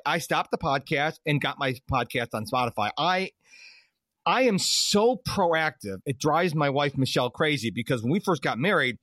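A man's voice: fairly high pitch, moderate pace, no echo. A middle-aged man hosting a podcast, telling stories in casual chat and acting out the voices of people he quotes. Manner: animated storyteller who acts out quoted dialogue. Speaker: podcast host.

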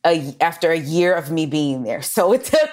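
A low-pitched woman from Los Angeles, a comedian talking in a relaxed interview. She tells her stories with lively energy, swears freely, and slips into acted-out quotes of other people. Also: moderate pace. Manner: animated storyteller, swears freely, acts out quotes. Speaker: comedian and writer, guest. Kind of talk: casual interview storytelling.

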